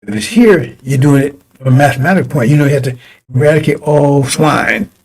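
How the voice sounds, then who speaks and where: A man's voice: medium pitch, a little fast, darkish tone. A man preaching a broadcast sermon in a fiery, rambling way, often repeating and restarting his phrases.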